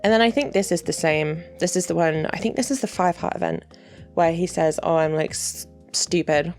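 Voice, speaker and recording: Low, gravelly woman chatting. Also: brisk, a little mellow, soft background music. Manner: chatty, laughing often, wry asides. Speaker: video creator. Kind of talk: casual commentary reading game dialogue.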